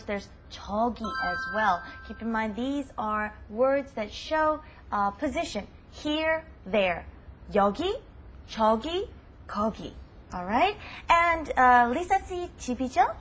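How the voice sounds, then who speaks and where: A woman hosts a language lesson in a high, clear voice. She teaches with upbeat emphasis and slows down to drill each word. A faint hiss sits under the recording.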